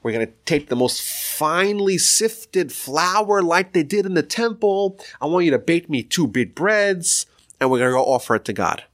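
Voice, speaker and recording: A man's voice: fairly high pitch, animated, normal speed, a bit bright, voice pushed up. A man acting out a sincere, naive simple man who speaks eagerly and earnestly in a raised voice.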